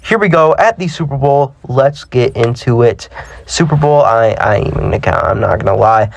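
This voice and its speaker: A slightly sick young man gives casual sports-sim commentary on his gaming channel, his medium-pitched voice creaky and expressive at a moderate pace. He's chatty and self-deprecating and often stumbles over what he's saying while playing the football game.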